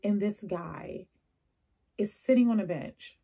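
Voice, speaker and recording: A young adult woman vlogging casually, telling animated stories with laughs and asides. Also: mid-range voice, takes it slowly, slightly rough. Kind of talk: casual chatty vlog.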